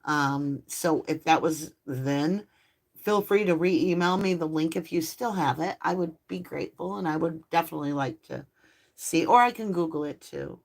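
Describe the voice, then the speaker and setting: A woman's voice: low-pitched, normal speed. A middle-aged woman hosting a live tarot stream, chatting casually with viewers and cooing baby talk at her dogs.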